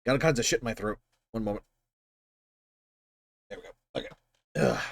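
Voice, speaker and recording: A man's voice: on the low side, brisk, no echo. A man hosting his channel, talking through a film scene in casual, rambling commentary with frequent swearing. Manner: rambling, profane, animated. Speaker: channel host.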